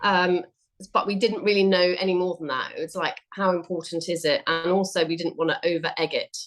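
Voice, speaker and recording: A woman speaking as an interview guest in a slightly low voice. She talks in a chatty way, dotted with ums, and she often stops to correct herself mid-thought. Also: fairly even intonation, brisk. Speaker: research guest. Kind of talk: conversational interview.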